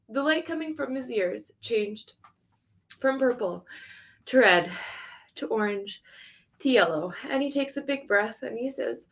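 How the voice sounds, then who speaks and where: A woman's voice: a little high, lively intonation, unhurried, pauses often. A woman reading her own story aloud at a live event, earnest and conversational, with laughing asides.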